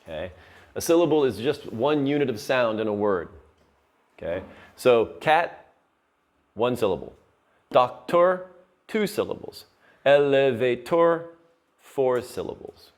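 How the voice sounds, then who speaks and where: A man's voice: medium pitch, lively intonation, a little slow, pauses often. A male teacher giving a lesson on poetry terms, patiently explaining and checking in with his students.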